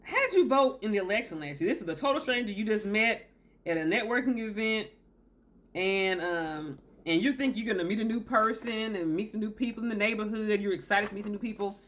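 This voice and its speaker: A woman's voice: medium pitch, brisk, fairly bright tone. A woman hosting a self-help video, talking straight to camera, emphatic and repeating her key points. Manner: emphatic, repeats key phrases, acts out quoted people. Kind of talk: direct-to-camera advice talk.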